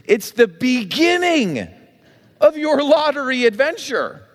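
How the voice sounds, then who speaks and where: A man preaching to a church congregation, telling a made-up story and acting out both voices in the conversation with lively shifts. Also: extremely high pitch, takes it slowly, long reverb tail. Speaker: pastor. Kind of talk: sermon. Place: church sanctuary.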